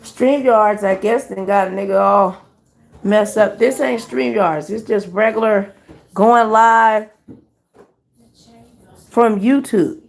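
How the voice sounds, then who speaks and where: A woman hosting a casual live stream, chatting with her viewers as "y'all" and reading numbers out slowly. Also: medium pitch, vocal fry.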